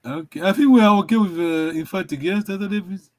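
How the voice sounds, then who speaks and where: A man's voice: sits high, quick pace, rough recording. A man teaching a language over a video call, encouraging and repetitive, often laughing. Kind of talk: online language lesson.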